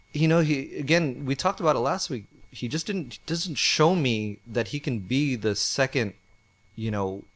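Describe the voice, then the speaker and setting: A man's voice: mid-range voice, fairly bright tone. Casual man reviewing wrestling. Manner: rambling, many fillers and restarts. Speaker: podcast co-host.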